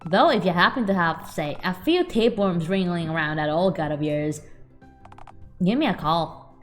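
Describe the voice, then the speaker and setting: A woman voicing a scruffy, bug-like male creature drifter in a video game, with a gruff, drawling delivery that calls people partner. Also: fairly low pitch, animated, normal speed, faint music behind, voice pushed down, lightly acted.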